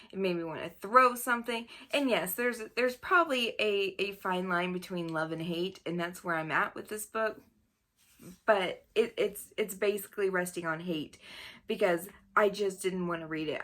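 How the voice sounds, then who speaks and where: Bright-voiced woman ranting about books. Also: on the low side. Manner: exasperated, breaks into laughter, blunt. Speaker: book reviewer. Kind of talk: casual video review.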